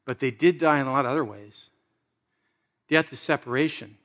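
Bright-voiced man preaching a sermon. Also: mid-range voice, a little fast. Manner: conversational, asks the congregation questions, laughs often. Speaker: pastor.

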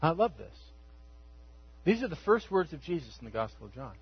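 A man with a high, husky voice preaches a sermon in a relaxed, conversational storytelling way, slipping into the speakers' voices as he quotes them. The sound is dry and a little dull, like a lo-fi church recording. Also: brisk, no room sound. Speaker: pastor.

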